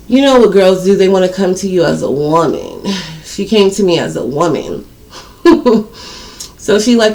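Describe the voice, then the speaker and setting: A woman at a middling pitch tells a personal story straight to her viewers. She talks bluntly and loosely, full of slang and profanity. She repeats words to drive her points home. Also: big pitch swings, moderate pace, a little mellow. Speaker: storytime vlogger.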